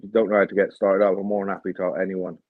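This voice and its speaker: A man's voice: low-pitched, little pitch movement, racing, dry recording. A man with an English accent, a guest on a podcast, talking bluntly and laid-back in casual chat. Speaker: guest, clothing brand owner. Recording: dry, phone-like call audio.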